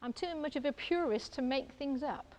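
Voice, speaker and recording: A woman's voice: sits high, normal speed, a little mellow. A woman artist giving a live painting demonstration in an exhibition space, chatting enthusiastically and thinking aloud as she paints.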